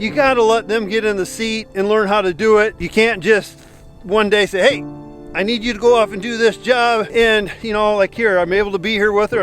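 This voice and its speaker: A man's voice: sits high, low-quality recording. A man with a folksy, easygoing manner, narrating farm work for a vlog. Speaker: farm vlogger.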